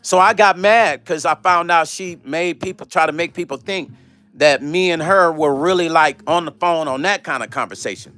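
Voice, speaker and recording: A middle-aged man hosting a casual live stream, telling gossipy stories in an animated way, swearing and reading out chat comments. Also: on the high side, normal speed, soft background music. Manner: animated, swearing, acts out quoted voices, talks to chat.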